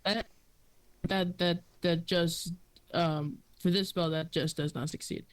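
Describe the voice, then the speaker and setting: 장난스럽게 말하는 낮은 목소리의 여자. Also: female voice, on the low side, fairly even intonation, slow. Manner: teasing, casual, filler-heavy. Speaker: game master. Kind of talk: narrating a tabletop game.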